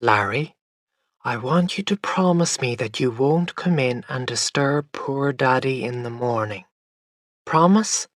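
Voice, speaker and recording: A man doing a gentle, patient storybook mother. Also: medium pitch, lively intonation, slow pace, no room sound, clean studio sound. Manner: soft and patient, often hushed. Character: patient, gentle young mother soothing her son. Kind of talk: storybook reading.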